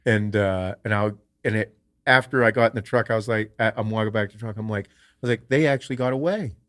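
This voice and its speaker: A podcast host telling a casual story in a profane, rambling way. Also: male voice, fairly low pitch, steady tone, brisk, fairly bright tone, clean tone. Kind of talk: casual chat.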